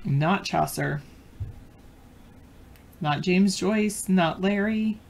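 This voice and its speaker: A chatty woman co-hosting a live stream, her voice sitting a little low. She talks casually with viewers about everyday things and reads trivia questions aloud. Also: very slow, gravelly, darkish tone. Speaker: co-host and trivia reader.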